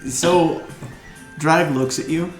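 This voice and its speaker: A man narrating as game master, animated and laughing often. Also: a little high, takes it slowly, echoey room, over music.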